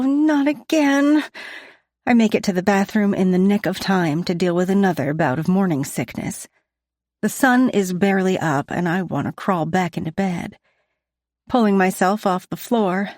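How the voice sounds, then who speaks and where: A woman narrating a first-person audiobook in a steady, even storytelling manner on a close studio mic. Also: fairly low pitch, no echo.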